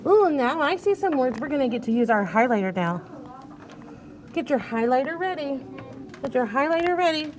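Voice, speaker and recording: A woman teacher leading young children through a reading lesson, patient and coaxing, sounding out letters one at a time. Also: sits high.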